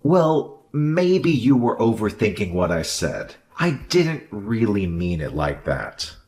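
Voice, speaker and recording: A man voicing a selfish, condescending husband who blames his wife, in an animated drama. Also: fairly low pitch, takes it slowly, exaggerated voice. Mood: backpedaling. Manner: condescending, dismissive, then backpedaling. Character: selfish arrogant husband who loves fishing. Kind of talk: animated story voice acting.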